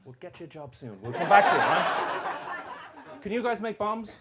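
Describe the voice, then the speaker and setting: A man doing stand-up in a comedy club, teasing the audience with brash, sweary jokes. His voice sits a little high for a man. The live recording carries clear crowd noise around him. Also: sing-song, moderate pace. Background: crowd laughter.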